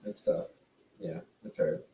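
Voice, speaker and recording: Mellow low man, roomy and off-mic. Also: unhurried, recorded from a distance. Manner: lively, teasing, asks questions. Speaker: podcast co-host. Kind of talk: casual chat.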